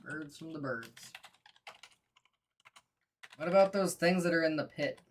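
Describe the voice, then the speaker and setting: A woman co-hosting a casual chat. She is laid-back, laughs softly and adds bits of movie trivia. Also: low voice, unhurried. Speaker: co-host.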